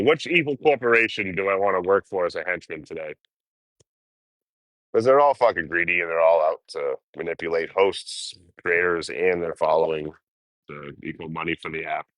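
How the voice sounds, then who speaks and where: A man's voice: deep voice, fairly bright tone, dry recording. A man chatting casually with his livestream viewers, rambling and swearing as he talks about life on the road. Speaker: livestreaming traveler.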